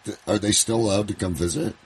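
A man from Canada hosting a live radio chat, rambling excitedly with stammered restarts. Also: fairly low pitch, fast talker, breathy edge. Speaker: radio show host.

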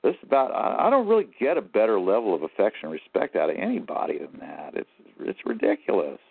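Low-voiced male guest, rambling and aggrieved, very lively pitch, tinny phone sound. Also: fast talker, gravelly, breathy edge, no room sound. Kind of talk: phone-in interview.

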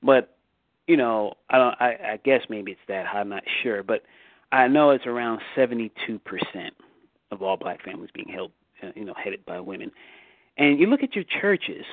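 A man's voice: lowish voice, lively intonation, normal speed, no room sound. A man hosting a bible study discussion, talking emphatically with repeats and restarts, rising sharply for rhetorical questions. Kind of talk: casual discussion on a call. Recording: dry tinny phone line.

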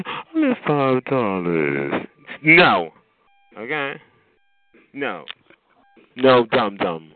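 A sassy man teases someone on a chat line, drawing out his words and tossing in "honey" and "child" as he goes. His pitch swoops wildly up and down. He comes through a thin, tinny phone line. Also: dry recording. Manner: sassy, drawn-out teasing with frequent "honey" and "child". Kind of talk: casual chat roast.

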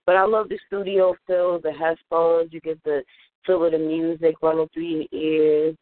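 A woman's voice: low voice, level tone, moderate pace, no room sound. A woman rapper answering interview questions in an earnest, upbeat way. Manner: earnest and upbeat, lists things fondly. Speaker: guest rapper. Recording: tinny phone-line audio.

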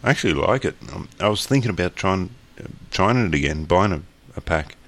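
An Australian man with an extremely low voice and a gravelly, creaky edge, co-hosting in loose casual chat. He jokes around and swears freely, heard through a remote call mic. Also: lively intonation, fairly quick, a bit bright. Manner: joking, loose and profane. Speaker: podcast co-host.

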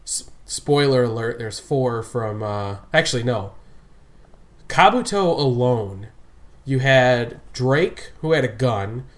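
A man co-hosts a casual podcast, his voice sitting in a middling pitch. He rambles through his points, laughs often and trails off mid-sentence as he gathers his thoughts. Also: expressive, takes it slowly. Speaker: podcast co-host. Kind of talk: casual chat. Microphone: remote call. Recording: remote call audio.

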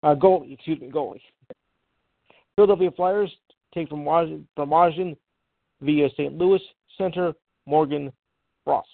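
Over a tinny phone line, a male podcast host reads sports news, going through draft picks on his casual show, tripping on hard names, and making offhand remarks. His voice is fairly high and creaky, at normal speed with frequent pauses and no echo.

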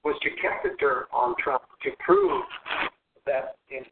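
A male guest, a former officer and military veteran, speaks assertively, emphatically, and matter-of-factly on a political talk show. His voice is medium-pitched and measured, coming through tinny phone-line audio with a noisy background.

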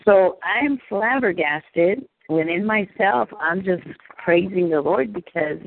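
Brief: caller giving a rambling, earnest testimony, gravelly voice, phone line, dry. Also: mid-range voice, measured pace, few pauses, no echo. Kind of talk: personal faith testimony.

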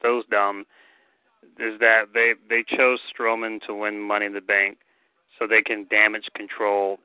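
A man's voice: on the low side, monotone, measured pace, clear, resonant tone, no echo. A man co-hosting a podcast, chatting casually about wrestling, blunt and opinionated, with some swearing. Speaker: podcast co-host. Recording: dry tinny phone-like sound.

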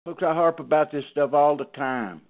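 A man's voice: fairly high pitch, normal speed. A man preaching in a folksy, emphatic way, repeating his key phrases and calling on a brother to read. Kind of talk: sermon teaching. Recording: phone-like narrow band.

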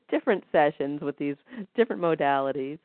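A woman's voice: deep voice, expressive, measured pace, no echo. Woman counting waltz beats over a phone line. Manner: gentle, counts rhythms aloud. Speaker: energy healing practitioner. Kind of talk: guided healing session. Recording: dry, tinny phone-like line.

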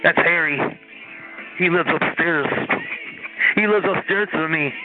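A man's voice: fairly high pitch, a little slow. A man in a crude phone chat, taunting and repeating himself. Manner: taunting, repetitive. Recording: phone-line audio with faint music.

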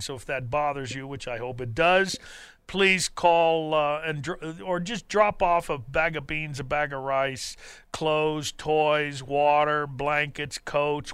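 Man, radio host, halting delivery, lots of fillers, bright and forceful tone, dry studio sound. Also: fairly high pitch, smooth, no room sound. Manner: halting, many fillers and restarts. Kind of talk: talk radio, reading a poem aloud. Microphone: studio microphone.

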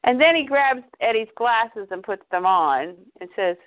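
A woman's voice: on the high side, no echo. Tinny-sounding woman recapping comics. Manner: animated retelling, quick asides. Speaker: podcast co-host. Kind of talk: casual comic book recap chat.

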